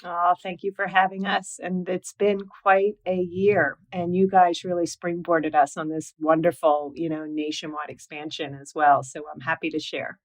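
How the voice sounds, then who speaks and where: A middle-aged woman speaks earnestly in an interview about the nonprofit she founded. Her voice sits a little low. She tells her story in an animated, personal way, often filling with "you know". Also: normal speed, few pauses, low-quality recording. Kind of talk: conversational interview.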